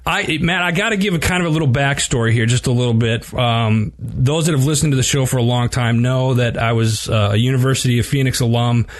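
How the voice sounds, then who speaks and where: A man's voice: mid-range voice, a little fast, few pauses. Upbeat, chatty male podcast host. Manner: upbeat and chatty with many fillers. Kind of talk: casual podcast hosting.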